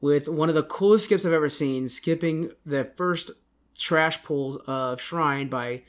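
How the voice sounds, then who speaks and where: A man's voice: a little high, unhurried. A man hosting a casual podcast, rambling through an esports recap and often correcting himself. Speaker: podcast host.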